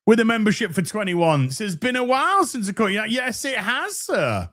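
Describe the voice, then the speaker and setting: Brief: man, live stream host, lively swinging pitch, profane and warm with chat, fairly high voice. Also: moderate pace, hardly any pauses. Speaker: livestream host reading super chats.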